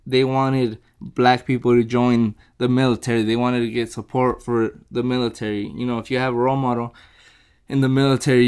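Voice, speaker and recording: A man's voice: medium pitch, clean tone. A young man casually reviewing a book, rambling and repeating himself as he retells the story, now and then acting out quotes.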